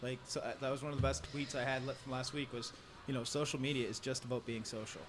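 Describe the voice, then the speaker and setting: A man with a mid-range voice explains online habits in a relaxed, easy way. Clear background noise runs under his voice throughout. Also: medium pitch, fast. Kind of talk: casual podcast discussion.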